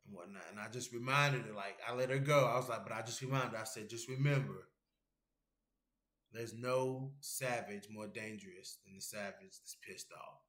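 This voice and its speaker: A man's voice: mid-range voice, a bit bright, echoey room. Casual profane man chatting with his stream. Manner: loose, rambling and profane, reads chat messages aloud. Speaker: MMA show host. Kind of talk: casual livestream chat with viewers.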